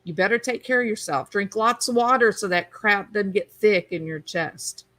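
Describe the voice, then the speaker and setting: This woman hosts a livestream, chatting casually and reading viewers' comments out loud. Her voice is medium-pitched and a bit bright, moving at a moderate pace, and the audio quality is poor.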